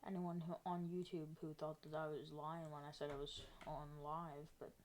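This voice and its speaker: A woman's voice: low-pitched, level tone, moderate pace, a little mellow, a little hiss or hum. A woman live streaming, chatting casually to an almost empty chat while she works on a map. She talks in a rambling, self-mocking way.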